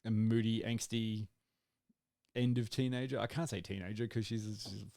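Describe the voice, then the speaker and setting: A man's voice: fairly low pitch, steady tone, moderate pace, gravelly, a little mellow, dry recording, clean studio sound. A man co-hosting a podcast in casual chat, rambling and acting out his own reactions. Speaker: podcast co-host.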